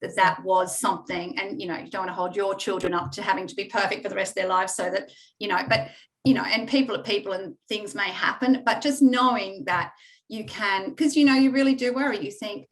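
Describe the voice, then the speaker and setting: A middle-aged woman, a coaching client, speaking candidly and reflectively in conversation, halting often with fillers. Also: medium pitch, fairly even intonation, poor audio.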